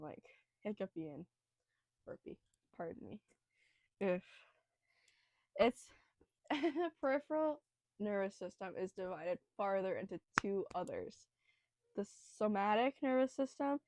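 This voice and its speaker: A woman's voice: medium pitch, a little mellow, dry recording. Young woman host, nervous and self-deprecating, rambling casual delivery, dry close sound. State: nervous, breathing heavily. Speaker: student host explaining biology. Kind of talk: casual educational podcast.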